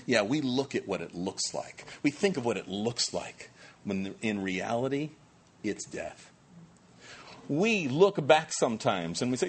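A man preaching a sermon as pastor, animated and humorous, acting out voices. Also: mid-range voice, a little slow, breathy edge. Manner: animated, acts out quoted voices, self-deprecating humor.

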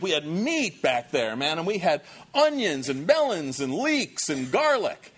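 A man delivers a sermon from the pulpit in an animated, conversational way. His voice sits a little high for a man and leaps up and down as he acts out quotes and jokes. He drops low and quiet for serious points. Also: moderate pace, hardly any pauses, slightly rough. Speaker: pastor.

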